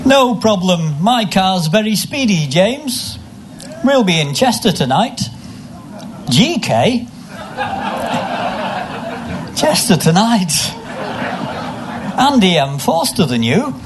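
A man performing a comic story full of literary name puns, with a deadpan delivery, recorded live. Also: high voice, slow pace, pauses often, noisy background. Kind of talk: live comic reading of a pun-filled story.

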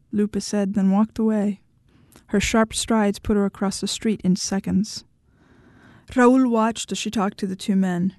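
A woman narrating a novel in an even, measured storytelling voice. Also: medium pitch, creaky, dry recording, clean studio sound. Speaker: audiobook narrator. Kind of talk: scripted narration.

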